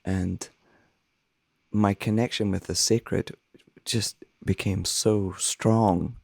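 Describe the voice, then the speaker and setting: Low, gravelly-voiced man, earnest minister. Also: steady tone, takes it slowly, a little mellow, no room sound. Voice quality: soothing, scratchy voice. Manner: thoughtful, earnest, searching for words. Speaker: minister and songwriter. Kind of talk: reflective conversation.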